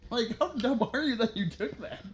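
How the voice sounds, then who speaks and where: A man's voice: very high-pitched, expressive, moderate pace. A man chatting casually as a guest, telling work stories bluntly and swearing freely. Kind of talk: casual chat.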